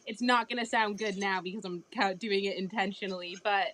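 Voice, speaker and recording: A woman hosting a casual video interview, enthusiastic and quick to laugh. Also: mid-range voice, fairly even intonation, fairly bright tone. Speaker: host.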